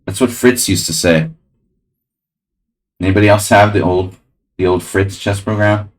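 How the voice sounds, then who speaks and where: Male chess streamer, very low voice, loose rambling live commentary to chat. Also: normal speed, pauses often. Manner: casual, rambling, talks to chat.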